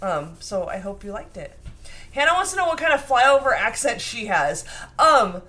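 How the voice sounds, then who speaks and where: This is a chatty woman co-hosting a live baking stream. Her voice sits high and swoops through a wide range. She reads viewer comments aloud and restarts her sentences often. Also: very animated, normal speed, pushed and bright. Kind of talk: casual live-stream chat.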